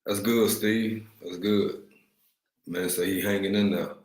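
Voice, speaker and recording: A man from East Texas with a Texan accent, his voice sitting low as he hosts a relaxed livestream. He talks slangy and easygoing, greeting viewers in the chat. The sound carries the echo of the room he's in. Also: unhurried. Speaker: livestream host. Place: room at home, in Africa.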